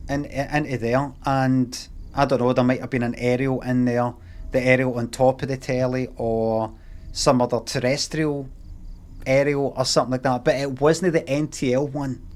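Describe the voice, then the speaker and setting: A man's voice: mid-range voice, fairly even intonation, moderate pace, darkish tone. A Scottish man on a live stream telling a rambling, heavily sweary anecdote in a casual way.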